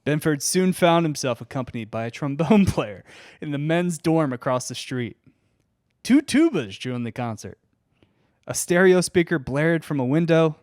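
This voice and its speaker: A man's voice: on the high side, animated, moderate pace, a little mellow, dry recording. Dry-voiced man reading history. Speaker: podcast host. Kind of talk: reading history notes in casual chat.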